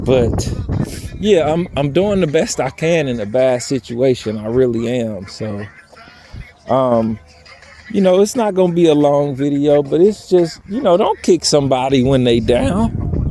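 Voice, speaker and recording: A man's voice: on the high side, dark tone. A young man talking candidly in a personal vlog outdoors, earnest and pleading, his voice unsteady from crying. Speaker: vlogger. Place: outdoors by a railroad bridge.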